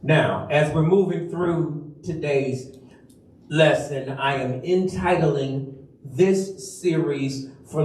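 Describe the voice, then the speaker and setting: A man delivers a sermon at a slow, deliberate pace, leaning hard on single words and drawing the congregation into call-and-response. His voice sits somewhat high. The sound comes from a distance, ringing through a reverberant church. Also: darkish tone. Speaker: minister. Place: church sanctuary. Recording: echoey church from far off.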